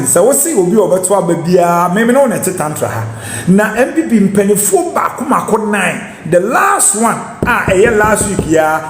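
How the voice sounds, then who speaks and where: Lively high-voiced Ghanaian man. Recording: echoey room with faint noise.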